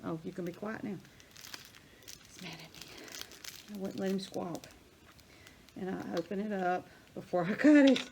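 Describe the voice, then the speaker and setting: A woman's voice: mid-range voice, moderate pace, creaky, noisy background. Chatty older woman crafting. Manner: chatty, rambling, thinks aloud while working. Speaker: crafting vlogger. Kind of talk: casual hands-on craft demonstration.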